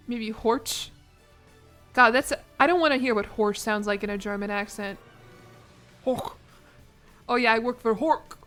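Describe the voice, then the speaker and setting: A woman's voice: on the high side, fairly bright tone. A young woman streaming a game, talking casually and laughing at her own mistakes, often apologizing. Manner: self-deprecating, laughing, apologetic. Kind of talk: casual live-stream commentary.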